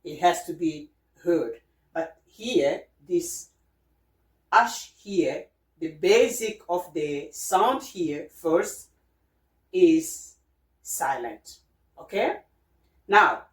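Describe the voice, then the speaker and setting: Slow-talking woman w/ running a lesson, a bit far from the mic in a roomy space. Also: fairly low pitch, animated. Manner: patient, repeats sounds, checks in with "okay?". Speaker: French teacher. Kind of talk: casual spoken lesson. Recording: roomy, voice from a distance.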